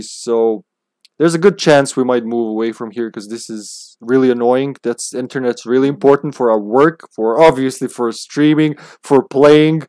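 A man's voice: fairly high pitch, no room sound. A man streaming a video game live, chatting casually and laughing often, swearing now and then.

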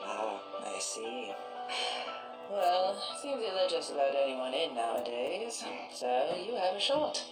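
An actress playing a seasoned woman knight in an animated game short film, wry and dismissive, with film music behind. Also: low voice, slow, reverberant, full character voice, low-quality recording. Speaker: film character.

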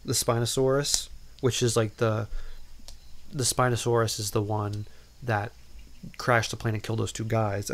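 A man hosting a podcast, casually recapping a movie in a rambling way, full of "like" and "um," with playful asides. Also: mid-range voice. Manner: rambling, filler-heavy, lots of "like" and "um"; playful, self-interrupting asides. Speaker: podcast host.

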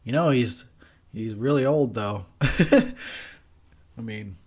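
A man's voice: mid-range voice, extremely slow, a little mellow, breathy edge. A young man giving a tipsy, profane movie commentary, rambling and laughing at his own jokes. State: tipsy from beer.

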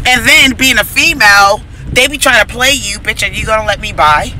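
A woman's voice: on the high side, brisk, pushed and bright, a little hiss or hum, low-quality recording. A young woman vlogging from inside her car, venting her frustration to the camera and swearing freely. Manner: profane, exasperated venting to camera. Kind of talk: casual vlog rant.

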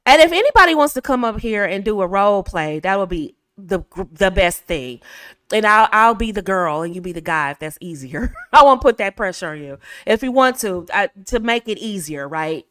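A woman's voice: mid-range voice, lively intonation, normal speed, fairly bright tone, dry recording. Direct woman coaching a class. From United States. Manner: direct, coaching, acts out phone dialogues. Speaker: etiquette coach. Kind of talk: talk to a live class.

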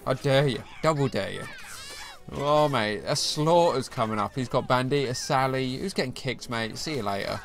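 A man's voice: medium pitch, normal speed. A young man commentating his own mobile game match in a slangy, chummy way, calling the viewer mate and G. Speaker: gaming channel host. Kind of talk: live gameplay commentary.

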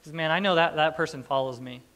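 A man's voice: a little high, fast talker, a bit bright, close to an everyday voice. A man voicing God as a proud papa. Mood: boasting. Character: God as a proud, boastful father.

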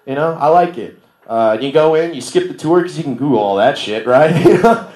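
Speaking a little fast in a slightly high, expressive, darkish voice, this young Milwaukee, Wisconsin comedian works a bar stage. His set is slangy and relaxed, he keeps cracking himself up, and the room sounds echoey.

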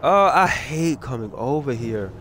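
A man's voice: mid-range voice, expressive, measured pace, noisy background. A man with a cold giving casual let's-play commentary, rambling and talking to himself with goofy asides. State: sick with a cold. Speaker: gaming video creator. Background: game music.

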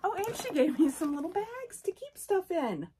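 A woman vlogging from home, gushing and excitable as she unboxes dolls and reads a friend's card aloud in casual chat. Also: very high voice, normal speed, slight background noise. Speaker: doll collector vlogger.

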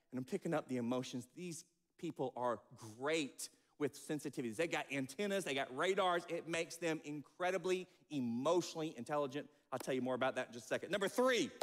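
A man preaching a sermon as pastor, animated and acting out quotes. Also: sits high, big-room sound. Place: church sanctuary.

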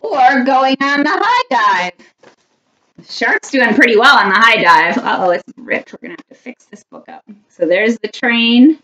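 A woman reading a picture book aloud to children, animated and laughing often. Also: a little high, normal speed, a little hiss or hum. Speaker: storytime reader.

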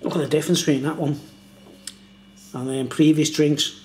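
A man's voice: a little high, steady tone, normal speed, a little mellow, a little hiss or hum. A tipsy man reviewing beer in a casual, meandering monologue full of filler phrases. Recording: echoey room.

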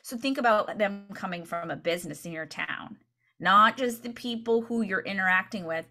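Woman, real estate training talk, chatty, energetic, keeps asking "right?", bright tense tone. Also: mid-range voice, normal speed, soft background music.

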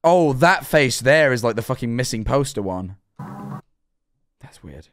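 A man's voice: medium pitch, lively intonation, measured pace, a bit bright, soft background music. A man livestreaming his reaction to a horror series, rambling and swearing as he talks to his chat, his voice worn out. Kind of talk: casual livestream commentary.

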